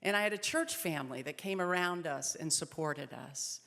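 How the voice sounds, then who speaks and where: A woman in her thirties speaks at an event, telling her own story with earnest feeling. Her voice sits low with some vocal fry. The hall around her gives it a long echo. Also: expressive, moderate pace. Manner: earnest storytelling, softening in sad moments. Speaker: speaker at a pregnancy center event. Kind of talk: personal testimony speech.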